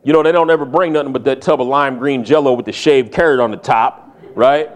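A man's voice: mid-range voice, a little fast. Folksy male preacher. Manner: folksy storytelling with humor. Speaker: pastor. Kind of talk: sermon.

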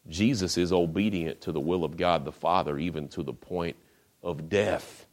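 Low-voiced male preacher, casual storyteller who asks his listeners questions. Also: fairly even intonation, normal speed. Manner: storytelling, rhetorical questions, casual modern phrasing. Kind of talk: sermon.

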